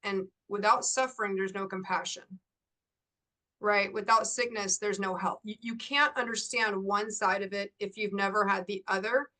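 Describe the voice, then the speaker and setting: A middle-aged woman coach, a guest in an interview, telling a story in lively bursts and laughing often. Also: mid-range voice, moderate pace.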